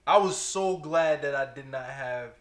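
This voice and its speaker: A man co-hosting a casual chat, telling family stories in an animated way and repeating words for effect. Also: medium pitch, a little slow, echoey room. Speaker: co-host.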